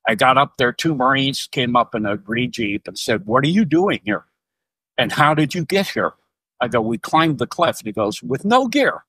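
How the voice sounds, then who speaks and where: A man's voice: mid-range voice, moderate pace, breathy edge, dry recording. A middle-aged man, a retired Navy submariner, telling stories as a podcast guest, acting out dialogue and chuckling often. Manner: animated, acts out dialogue in raised voices, chuckles often. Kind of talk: casual storytelling interview.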